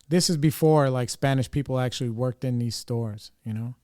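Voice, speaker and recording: A man's voice: mid-range voice, brisk, few pauses, dark tone, no echo, studio quality. A man hosting a podcast, telling family stories in a loose, rambling way full of fillers and restarts. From New York area. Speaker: podcast host. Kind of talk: casual storytelling.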